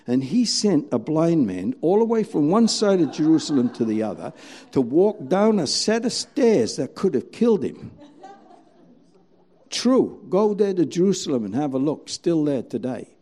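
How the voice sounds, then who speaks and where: A male preacher delivers a storytelling sermon, his pitch rising and falling in big, animated swings. His tone is warm and mellow, sitting a bit high, and he acts out scenes dramatically. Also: moderate pace.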